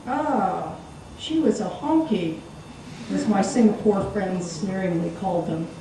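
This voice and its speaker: A woman performing a wry, expressive story reading live in a theatre. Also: medium pitch, a little slow, background noise. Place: theatre stage. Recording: echoey live stage, distant mic.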